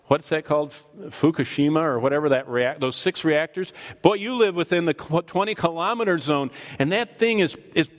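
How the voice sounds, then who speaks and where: Animated preacher in an echoing hall. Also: male voice, high-pitched. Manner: animated, acts out scripture in voices. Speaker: pastor. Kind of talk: sermon. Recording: long hall reverb.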